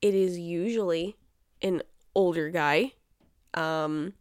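A woman's voice: mid-range voice, animated, unhurried, darkish tone, no echo, clean studio sound. A woman hosting her own show, talking casually in a chatty, exasperated way and often laughing. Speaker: podcast host. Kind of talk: casual solo chat.

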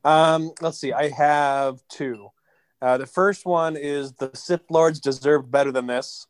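A man's voice: fairly high pitch, steady tone, slow, clean tone, dry recording. A man co-hosting a podcast in casual chat, with dry, sardonic remarks. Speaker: podcast co-host.

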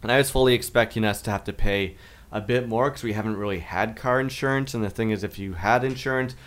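A man co-hosting a podcast, telling a long story in casual chat, rambling and getting animated when he quotes other people. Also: on the low side, fast talker. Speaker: podcast co-host.

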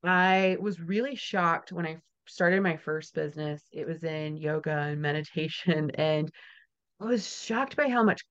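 A woman's voice: deep voice, unhurried, a bit bright, highs cut off. A woman hosting a podcast, talking casually and often laughing, with chatty storytelling asides. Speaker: podcast host. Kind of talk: casual interview chat.

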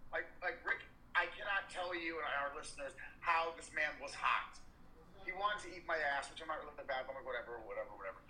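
A man with a very bright, forceful voice and a slightly raised pitch co-hosts a candid chat. He rambles and restarts, landing points with blunt emphasis. The sound is echoey, as if taken in an open room. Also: a little fast. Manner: rambling, emphatic and profane, with many restarts and fillers. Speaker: podcast co-host.

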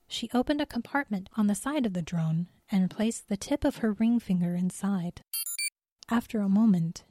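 A woman telling a story in calm, measured scripted narration. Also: medium pitch, no echo, studio quality.

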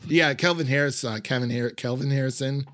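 A man's voice: medium pitch, brisk, fairly bright tone, no room sound, clean studio sound. A man chatting casually about a film, rambling with many fillers and frequent laughs. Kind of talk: casual film review chat.

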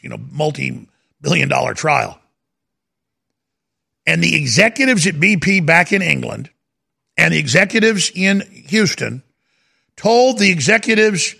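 A man's voice: a little high, gravelly, sharp tone. A man hosting a talk radio show, talking in an emphatic, rambling monologue that repeats itself. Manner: emphatic, repetitive, insistent.

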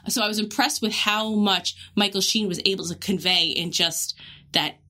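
A woman's voice: mid-range voice, steady tone, moderate pace, bright, forceful tone. A woman co-hosting a podcast, analysing in long connected thoughts in a casual way. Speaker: podcast co-host. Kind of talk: casual chat.

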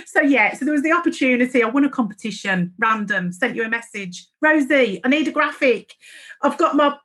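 A woman from Birmingham co-hosts a relaxed podcast with a high voice. She chats playfully and teases her co-host. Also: fairly quick. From Birmingham, England. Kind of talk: casual chat.

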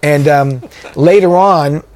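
A man's voice: fairly high pitch, slow pace, a little mellow. A man, a touring drummer, telling stories in a casual interview, rambling with many fillers and restarts. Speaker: guest drummer.

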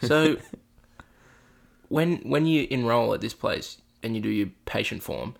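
A man's voice: mid-range voice, lively intonation, slow pace, gravelly. A man co-hosting a casual podcast chat, swearing freely and telling anecdotes with quoted voices. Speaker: podcast co-host.

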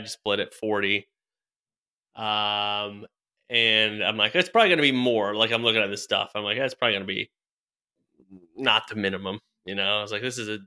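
A man's voice: lowish voice, pushed and bright. A young man telling a rambling story in casual chat, full of fillers, restarts and laughs. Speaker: podcast co-host telling a story.

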